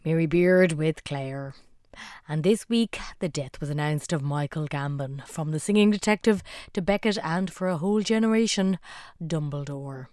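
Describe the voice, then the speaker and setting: Low-voiced Irish woman radio presenter. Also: darkish tone, no room sound, clean studio sound. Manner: brisk, scripted presenter links. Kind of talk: radio links.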